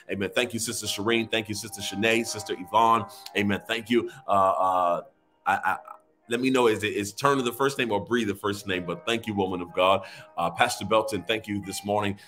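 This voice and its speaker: Man, pastor, bright tone, declarative preaching, repeated phrases, faint music behind. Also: on the low side. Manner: conversational with frequent fillers when thanking givers. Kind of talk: online sermon with prophetic declarations.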